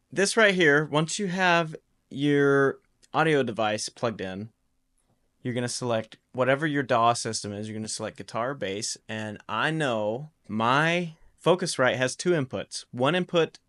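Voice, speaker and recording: In a relaxed, explanatory way, a man with a medium-pitched voice walks through a casual guitar recording tutorial from his home studio, restarting loosely now and then.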